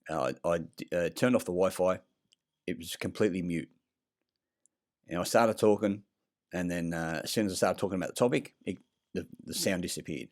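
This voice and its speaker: Deep-voiced rambling man vlogging. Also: fairly quick, long pauses, a little mellow. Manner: rambling, meandering, frequent fillers and restarts; blunt and profane. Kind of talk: rambling monologue vlog. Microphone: self-recorded clip.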